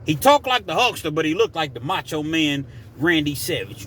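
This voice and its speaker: A man's voice: on the high side, lively intonation, normal speed, a bit bright. A man casually telling a story from his prison days in a conversational, digressive way.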